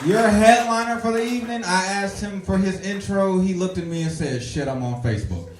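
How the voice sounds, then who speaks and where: Club emcee guy, high voice, shouting intros, echoey and noisy crowd. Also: fairly quick. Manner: loud, hyping announcer.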